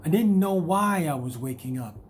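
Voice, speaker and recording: A man's voice: fairly high pitch, animated, moderate pace, slight background noise. A man delivering a motivational monologue, hammering home repeated rhetorical questions and speaking candidly about his own struggles. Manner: repetitive, emphatic rhetorical questions. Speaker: motivational video host.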